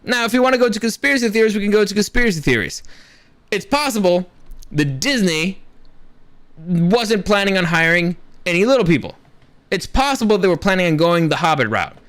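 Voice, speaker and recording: High-voiced man ranting with sarcasm. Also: a little fast. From Latino background. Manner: animated, profane, sarcastic. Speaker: commentary host. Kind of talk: ranting commentary.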